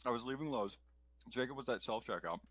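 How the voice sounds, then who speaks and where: A man's voice: medium pitch, brisk, a bit bright. A young man co-hosting a podcast in casual chat, telling a story dryly and putting on a stiff formal voice for jokes. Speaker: podcast co-host.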